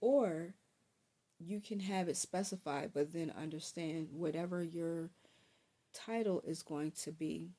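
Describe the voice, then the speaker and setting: A young woman vlogger talking casually to camera, giving tips in a chatty, relaxed way with frequent ums. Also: lowish voice, a little slow.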